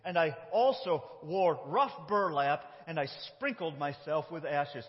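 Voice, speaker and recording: A man preaching a conversational sermon, moving between loud and quiet phrases. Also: a little high, a little slow. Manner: conversational, with shifts between loud and soft delivery. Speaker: pastor. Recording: dull sound with long hall reverb.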